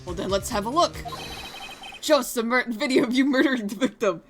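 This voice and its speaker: A woman voicing a calm young male defense attorney with measured, dry questioning. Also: fairly high pitch, faint music behind, natural voice.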